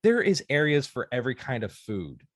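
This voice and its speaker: A man in his thirties, a podcast host telling stories in a rambling, excitable casual chat. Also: mid-range voice, brisk, no room sound, clean studio sound.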